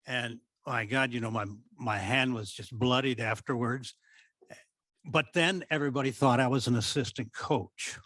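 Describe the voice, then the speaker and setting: Older Midwestern man, retired theatre director; lively raconteur who voices the people in his stories; dry close sound. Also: medium pitch, moderate pace, dry recording. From American Midwest. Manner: animated storyteller who acts out quoted speech. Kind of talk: storytelling reminiscence at a talk.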